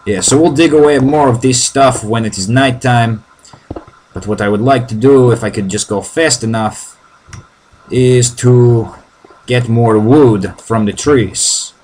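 A man's voice: mid-range voice, unhurried, darkish tone, a little hiss or hum. A man with a Russian accent giving casual video game commentary, joking as he goes, with broken, hesitant phrasing. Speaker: gameplay commentator.

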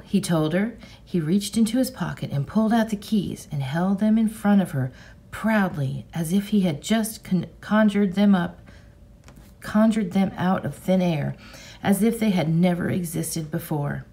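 A woman teacher reading a children's novel aloud to her class, expressive and measured. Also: deep voice, gravelly, husky. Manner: slow, expressive storytelling. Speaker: fourth grade teacher.

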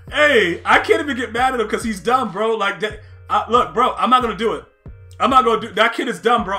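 A man streaming a football video game, laughing a lot and yelling at the plays, with slangy, excitable chatter. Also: very high-pitched, moderate pace, soft background music. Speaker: gaming streamer. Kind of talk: live game commentary.

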